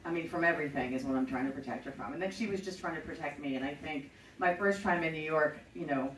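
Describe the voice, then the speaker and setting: A woman's voice: sits low, quick pace, echoey room, distant mic, a little hiss or hum, rough recording. A middle-aged woman hosting a show, telling a personal story in a chatty, profane, self-mocking way. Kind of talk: casual storytelling.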